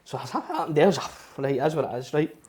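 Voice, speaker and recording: A man's voice: on the high side, lively intonation, very fast, darkish tone. A Scottish man co-hosting a podcast in casual chat, telling rambling anecdotes full of quoted dialogue. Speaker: podcast co-host.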